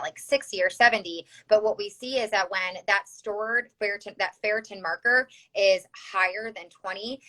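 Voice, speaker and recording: Podcast guest: woman, Chicago accent, bright tone, chatty explainer who talks through analogies. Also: lowish voice, low-quality recording. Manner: explains with analogies, frequent fillers and restarts. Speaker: guest health practitioner. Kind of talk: conversational podcast interview.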